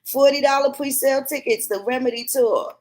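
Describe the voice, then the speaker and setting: Woman, AAVE, high voice, heated, profane, mocking commentary. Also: fairly even intonation, brisk, darkish tone. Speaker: commentary vlogger. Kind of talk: ranting commentary.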